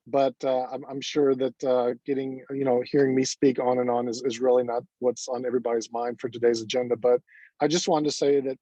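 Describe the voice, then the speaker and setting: A college dean giving an earnest, halting speech with many fillers at an online ceremony over a video call. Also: male voice, medium pitch, dark tone, dry recording, low-quality recording.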